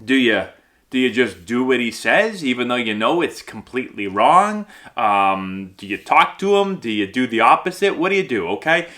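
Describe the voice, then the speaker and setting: Lively, bright-voiced baseball instructor. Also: male voice, mid-range voice, normal speed. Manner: upbeat, conversational, constant "okay?" and "right?" check-ins. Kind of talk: instructional coaching vlog.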